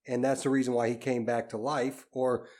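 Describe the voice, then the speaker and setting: A man's voice: medium pitch, level tone, moderate pace, darkish tone. Man hashing out podcast theories. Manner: tentative, restarts while working out ideas. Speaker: podcast co-host. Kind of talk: casual podcast discussion.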